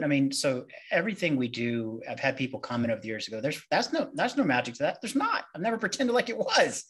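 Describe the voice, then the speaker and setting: A man's voice: mid-range voice, breathy edge. A man, a mortgage loan originator answering interview questions in a candid, conversational way. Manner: candid, conversational, acts out client dialogue.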